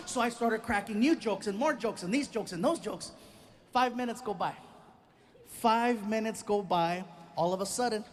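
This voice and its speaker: A man doing stand-up comedy, telling a story in an animated way and acting out the voices of the people in it. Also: high-pitched, slight background noise.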